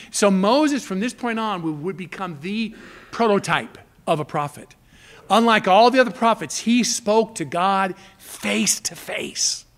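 A man preaching an expository sermon as pastor, emphatic and dramatic when he acts out quotes. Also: high-pitched.

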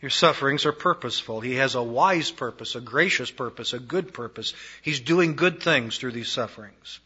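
A man preaching a sermon, emphatic, moving between raised declarations and hushed, low phrases. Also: moderate pace, husky. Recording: dull lo-fi recording.

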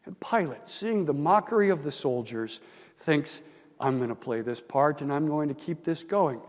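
A man preaching a sermon. He moves between loud emphatic lines and hushed, near-whispered ones. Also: fairly high pitch, lively intonation, normal speed. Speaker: pastor. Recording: long hall reverb.

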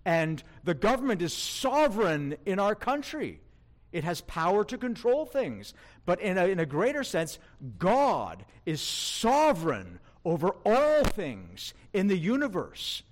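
A man preaching a sermon in a fairly high voice that swings widely up and down. He speaks slowly and with emphasis, putting questions straight to his listeners. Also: huge pitch swings.

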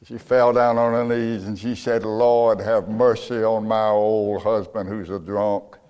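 A man's voice: on the low side, level tone, a little slow, clear, resonant tone. Emphatic preacher man in echoey church. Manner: emphatic, rises to loud preaching peaks. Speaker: pastor. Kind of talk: sermon.

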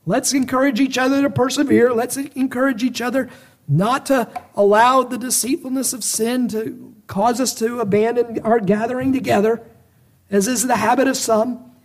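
Delivering a sermon in a strikingly high voice with fairly even intonation, this preacher challenges his audience through rhetorical questions and sincere appeals for self-examination. He slows down to give key phrases weight.

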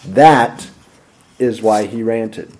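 Mellow-voiced man preaching. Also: lowish voice, drawn-out words. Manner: lively expository preaching with dramatic emphasis. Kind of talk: sermon.

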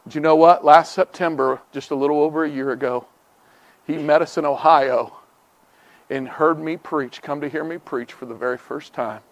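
A middle-aged man preaching a revival sermon, moving from hushed storytelling to fervent, near-shouted pleas. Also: on the high side, steady tone, normal speed, no echo.

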